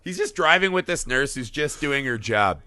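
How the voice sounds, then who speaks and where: With a medium-pitched voice at normal speed on a dry recording, this man co-hosts a film podcast. He's casual, profane and animated, acting out characters through impressions.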